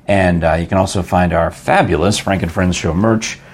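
A man's voice: low-pitched, normal speed. An older man hosting a casual chat show, chatty and jokey, rambling into asides. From New York. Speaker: podcast host.

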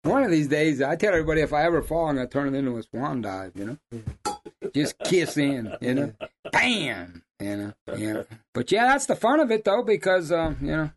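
Older man with a drawl, a raised pitch and a lively yarn-spinner's delivery. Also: brisk. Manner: folksy, animated storyteller who laughs at his own stories. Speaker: lion hunting guide. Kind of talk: casual storytelling.

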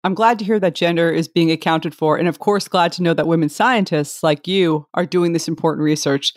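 Woman host, polished and measured, dry close sound. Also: on the low side, steady tone, dry recording. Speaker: podcast host. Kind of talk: scripted interview questions.

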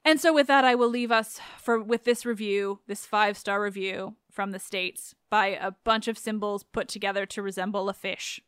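A woman's voice: medium pitch, fairly even intonation, moderate pace, a bit bright, clean tone, no echo, studio quality. A woman hosting a podcast in a chatty, sarcastic way, swearing freely as she talks. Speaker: podcast host. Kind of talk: casual podcast narration.

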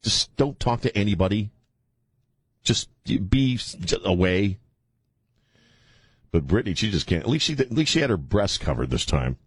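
A man's voice: sits low, very animated, moderate pace, slightly rough, no room sound. A man hosting call-in talk radio from a studio, with mocking, irreverent banter and frequent laughs. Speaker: radio talk show host. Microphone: studio microphone.

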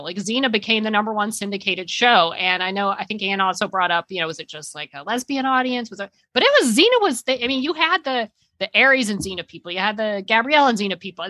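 A woman co-hosting a podcast, talking casually and piling up half-finished thoughts before landing on her point. Her voice is bright and forward, recorded close and dry with no room sound. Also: medium pitch, no room sound, poor audio. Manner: chatty, trailing off and restarting mid-thought. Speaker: podcast co-host. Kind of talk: casual chat.

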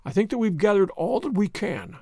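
A man voicing a cool, shrewd male detective who speaks in a calm, measured, wry way in a storybook reading. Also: sits high, breathy edge, no room sound, clean studio sound, exaggerated voice.

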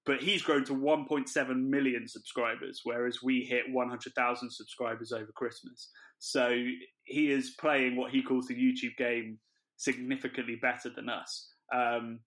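A man's voice: mid-range voice, little pitch movement, normal speed, a bit bright. A man hosting a podcast in casual chat, chatty and self-deprecating, laughing often. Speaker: podcast host.

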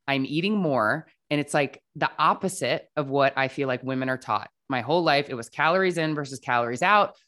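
Talking fairly quickly with hardly any pauses, a podcast guest recounts her own story in a chatty way. Her bass voice is a bit bright, and she fills her speech with "like" and acts out quoted lines.

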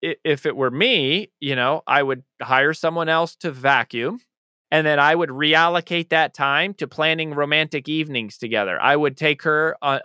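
A man's voice: fairly high pitch, pushed and bright, clear, resonant tone, no room sound, studio quality. A man speaking as an author being interviewed, talking in a passionate, emphatic way. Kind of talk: conversational interview answers.

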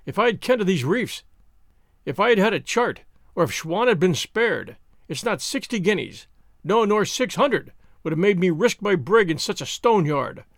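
A man's voice: high-pitched, expressive, normal speed, no echo, studio quality. A man voicing a harried, blunt sea captain in an audiobook reading, urgent and clipped.

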